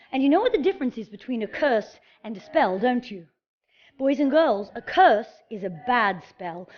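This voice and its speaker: A woman with a high, bright voice tells a fairy tale to young children, sing-song and animated. She talks straight to the kids watching at home. Soft music plays faintly behind her. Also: lo-fi sound. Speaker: children's TV presenter in a fairy character. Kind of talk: storytelling to children.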